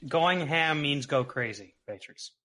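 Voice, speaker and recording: A man player in a tabletop role-play game, chatting in a quick, joking way. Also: fairly high pitch, animated, bright, forceful tone.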